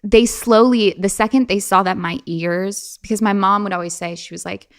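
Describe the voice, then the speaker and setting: Guesting on an interview podcast, a young woman tells personal anecdotes casually and with energy, filling her speech with fillers and laughs. She has a medium pitch and speaks at a normal speed.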